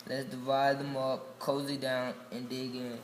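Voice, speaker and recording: A man's voice: mid-range voice, little pitch movement, unhurried, roomy sound, a little hiss or hum, natural voice, rough recording. A man voicing a friendly badger sharing food in a storybook read-aloud. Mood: cheerful.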